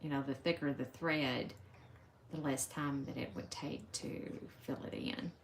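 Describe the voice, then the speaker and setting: A craft live-stream host with a Southern US accent chats casually with viewers from home while stitching, calling them "y'all" and slipping into soft murmurs as she works. Her voice is very deep and a little slow, with fairly even intonation and slight background noise.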